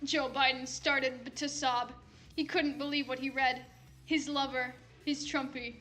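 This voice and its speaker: A young woman reads fanfiction aloud for laughs. She rambles, swears and cuts herself off mid-thought. Her voice is high and bright, with faint music behind it. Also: level tone, a little slow. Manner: rambling, swearing, self-interrupting. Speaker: fanfic reader. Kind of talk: casual comedic reading.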